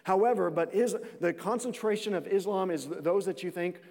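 A man's voice: high voice, fairly quick, hardly any pauses, a little mellow, in a large hall. A pastor preaching a sermon, earnest, repeating phrases and restarting lines as he builds his points.

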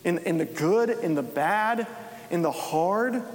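A man with a fairly high voice preaches earnestly, firing probing questions one after another. His words ring out with a long reverb, as if spoken in a large hall. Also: expressive, takes it slowly.

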